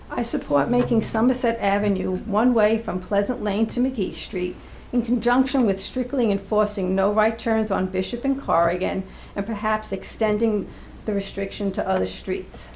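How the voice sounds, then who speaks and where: A woman at mid pitch reads her public comment at a village board meeting, earnest and emphatic. Her voice rings in an echoey meeting room with a faint hum underneath. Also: a little mellow. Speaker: resident speaking at public comment.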